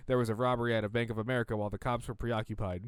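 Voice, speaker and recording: A man reading stories aloud and reacting with sarcastic, deadpan debunking. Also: lowish voice, very fast, clean tone, no room sound. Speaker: reader and commentator.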